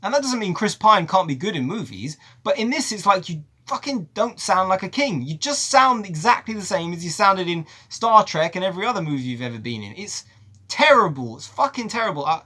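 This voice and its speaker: A man giving an exasperated, profane film review rant. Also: on the high side. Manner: animated, profane, exasperated ranting. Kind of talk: ranting video review.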